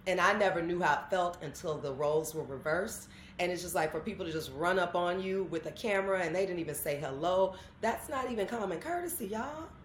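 Woman guest telling stories, acts out the quotes, lowish voice, roomy echo. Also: brisk, hardly any pauses, slight background noise. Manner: animated storytelling, acts out quotes. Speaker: guest, actress. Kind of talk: candid interview conversation.

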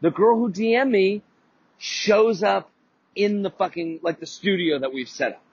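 A man's voice: high voice, measured pace, slightly rough, lo-fi sound. A man hosting a podcast, telling a casual, rambling story full of swearing and restarts. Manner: rambling, profane, lots of restarts and fillers. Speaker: podcast host.

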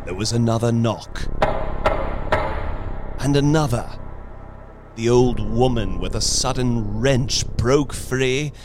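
A man narrating a story in a slow, suspenseful dramatic reading, with music behind him. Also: medium pitch. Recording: reading over background music.

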